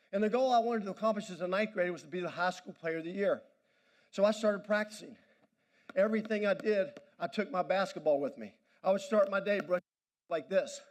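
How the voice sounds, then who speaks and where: High-voiced man firing up a crowd. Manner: commanding, pumping up the audience. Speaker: motivational speaker. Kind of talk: energetic crowd-directed speech. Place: banquet hall.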